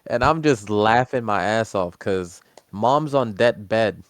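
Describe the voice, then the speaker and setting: A man's voice: fairly low pitch, takes it slowly, no room sound, clean studio sound. A man co-hosting a casual anime chat, blunt and joking, with frequent laughter and swearing.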